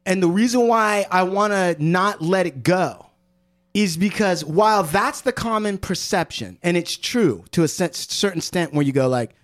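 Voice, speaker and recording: High-voiced man hosting a podcast. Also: animated, moderate pace. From United States. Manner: interjects, then lectures at length. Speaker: podcast host. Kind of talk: casual chat.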